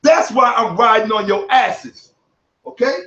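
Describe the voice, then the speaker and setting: A man giving heated commentary on other online creators, boastful and profane, sometimes shouting. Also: very high voice, measured pace. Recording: echoey room, distant from mic, dull audio.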